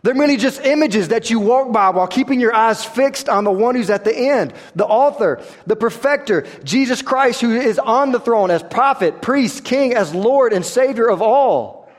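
A man, preaching a sermon that swings between quiet, intense stretches and rising emphasis. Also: very high-pitched, animated, moderate pace, hardly any pauses, long reverb tail. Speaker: pastor.

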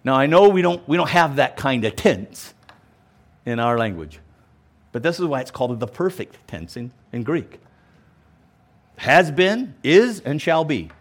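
A man's voice: mid-range voice, a little slow, long pauses. A male pastor giving a verse-by-verse Bible teaching sermon, emphatic and explanatory, with casual asides and frequent restarts. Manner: animated, emphatic, explains and repeats points.

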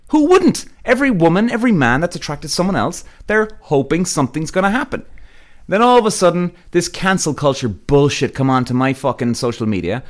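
A man hosting his own podcast, ranting casually and bluntly with lots of swearing. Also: on the high side. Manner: blunt, heavy swearing, animated. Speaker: podcast host.

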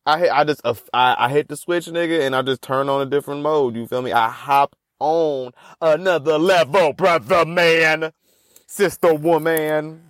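A young man rambles through a solo podcast monologue, swearing freely and poking fun at himself. His voice sits a little high for a man. The close mic gives a dry sound with no room echo. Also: normal speed, a bit bright. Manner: profane, rambling, self-mocking. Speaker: podcast host.

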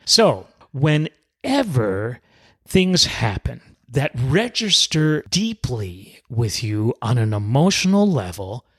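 A man's voice: mid-range voice, very animated, slow, slightly rough. A man, a former cruise director, hosting a self-help talk and telling a personal story, acting out the dialogue as he goes.

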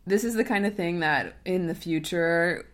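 A woman's voice: fairly low pitch, moderate pace. Chatty woman co-hosting a podcast. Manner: chatty, laughs often, many filler likes. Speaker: podcast co-host. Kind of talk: casual chat.

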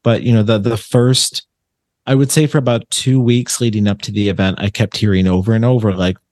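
A man's voice: lowish voice, fairly even intonation, brisk, a little mellow, dry recording. A man from Buffalo, New York, a medium who is a guest on a podcast. He tells long, rambling stories in casual chat, full of fillers and restarts.

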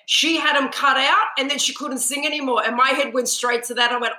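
Guest: woman singer, dramatic storyteller, bright voice, roomy echo. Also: sits high, fast, hardly any pauses. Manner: animated storyteller, acts out her own panic in quotes. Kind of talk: podcast interview. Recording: echoey room.

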